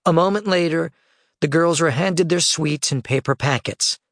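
A man reads an audiobook in a steady, measured storytelling voice, pitched slightly high for a man. He is recorded close on a studio microphone, and the sound is dry with no room echo. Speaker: audiobook narrator. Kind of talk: scripted narration.

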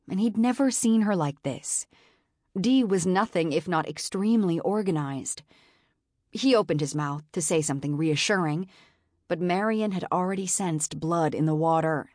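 Low-pitched woman narrating a novel. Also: lively intonation, a little slow, dry recording, clean studio sound. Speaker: audiobook narrator. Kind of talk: scripted narration.

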